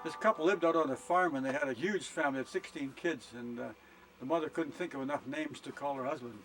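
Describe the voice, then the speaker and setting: A man's voice: on the high side, over loud music, low-quality recording. An older man telling rambling, folksy jokes outdoors at a summer campsite, filmed on a camcorder held by his wife. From Canada. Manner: rambling, unhurried delivery with frequent uh fillers.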